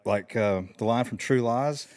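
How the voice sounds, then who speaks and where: A man co-hosting a podcast, telling things in a halting way and searching for words. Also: medium pitch, a little mellow, clean tone. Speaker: podcast co-host. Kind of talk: casual film chat.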